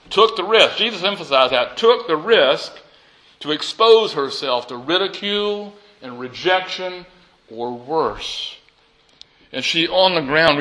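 A man preaching a sermon as pastor, swinging from loud and urgent to hushed and pleading as he acts out prayers. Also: on the high side, slight background noise.

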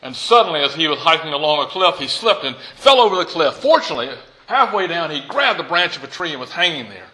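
A man preaching a sermon to his congregation in a lively, conversational way and asking them questions. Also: a little high, quick pace, low-quality recording. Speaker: pastor. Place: church.

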